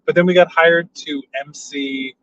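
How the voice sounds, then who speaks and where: A man telling stories casually as a passenger in a moving car, animated, jumping into loud high voices for quotes. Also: a little slow. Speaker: passenger and storyteller. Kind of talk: casual storytelling chat. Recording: dull lo-fi sound, faint road hum.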